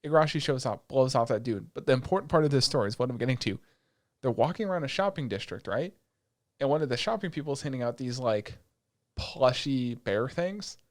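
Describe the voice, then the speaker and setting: A young man co-hosting a podcast, recapping an anime in casual chat, animated, swearing freely and breaking into quick asides. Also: mid-range voice. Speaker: podcast co-host.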